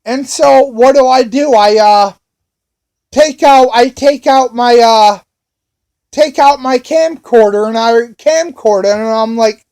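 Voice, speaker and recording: A man recounts a run-in with police in an angry, profane rant. His voice sits high, and he circles back to the same phrases over and over. He talks at a slow, dragging pace. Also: a little mellow, clear, resonant tone. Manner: profane, repetitive, heated.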